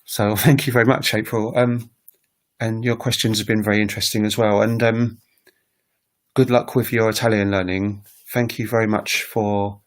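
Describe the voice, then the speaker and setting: Low-voiced man teaching on a livestream. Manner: unscripted, pauses often with "um"; demonstrates tones by voicing example words. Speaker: language-learning channel host. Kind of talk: casual livestream explanation.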